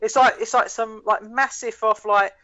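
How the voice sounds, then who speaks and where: A man's voice: high voice, steady tone, normal speed, pushed and bright, no echo. A man co-hosting a podcast, telling rambling anecdotes with laughs and swearing. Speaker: podcast co-host. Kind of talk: casual chat, storytelling. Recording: dry, dull lo-fi podcast audio.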